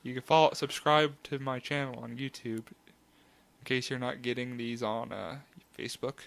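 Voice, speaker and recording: A man's voice: mid-range voice, steady tone, moderate pace, gravelly, a bit bright. A man hosting a casual podcast chat, rambling and laughing often. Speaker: podcast host.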